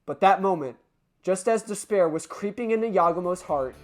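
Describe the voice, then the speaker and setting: A hoarse voice-over performer narrating and commenting on a visual novel playthrough, with casual swearing. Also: mid-range voice, lively intonation, moderate pace, soft background music. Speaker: game dub narrator. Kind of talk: video game playthrough narration.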